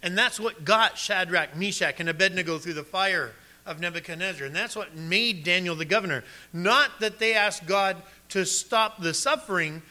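A male pastor preaching a sermon, emphatic, dropping low and soft on key words.

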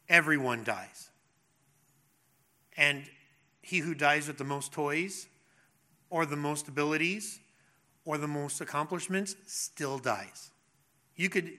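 Bright-voiced man preaching a sermon. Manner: emphatic preaching, drops to low intense tones, playful voices in anecdotes. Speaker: pastor.

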